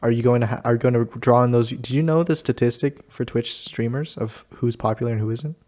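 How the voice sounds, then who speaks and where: A man's voice: mid-range voice, fairly even intonation, brisk, darkish tone. A man hosting a casual chat with a friend, easygoing and laughing often. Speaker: host.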